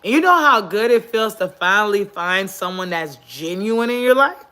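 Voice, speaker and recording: A woman talks into her phone on a live stream, giving earnest motivational advice in a bright, sharp voice. Her pitch sits in an ordinary middle range. She leans on repetition to drive her points home, like a casual sermon. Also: expressive, moderate pace. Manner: earnest, preachy, repeats points for emphasis. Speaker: livestream host. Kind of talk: casual motivational livestream talk. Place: indoors, sitting on the floor.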